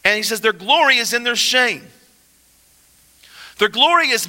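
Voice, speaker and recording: A man preaching a sermon as a pastor, talking with passion and moving from quiet, low asides to emphatic, rising lines. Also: lively intonation, measured pace, pauses often, long reverb tail. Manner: impassioned, shifts between soft and emphatic.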